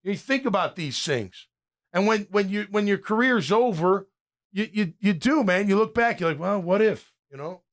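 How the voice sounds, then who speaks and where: A man in his fifties with a high voice hosts a casual sports talk show. He rants in a fired-up way, often starting his sentences over as he goes. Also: lively intonation, normal speed, a bit bright. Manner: fired-up, ranting, with frequent restarts. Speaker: podcast host and former pro linebacker.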